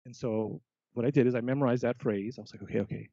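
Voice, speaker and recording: A man recounts his adventures in a relaxed podcast chat, animated and often acting out his own past words. His voice has a gravelly, mellow grain. The recording sounds dull and lo-fi. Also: medium pitch, quick pace, no room sound. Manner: animated, quotes himself often. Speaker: podcast guest, biologist. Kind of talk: casual storytelling.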